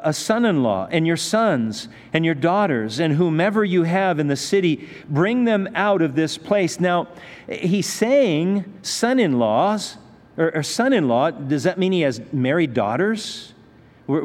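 A man's voice: on the high side, very animated, measured pace. A male pastor teaching a sermon in a conversational way, posing rhetorical questions to his listeners. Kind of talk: expository sermon. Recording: reverberant hall.

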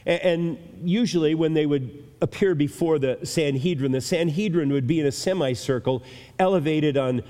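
A man's voice: medium pitch, warm tone. A male pastor teaching a sermon, explaining scripture with emphatic rhetorical questions. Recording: long reverb of a large hall.

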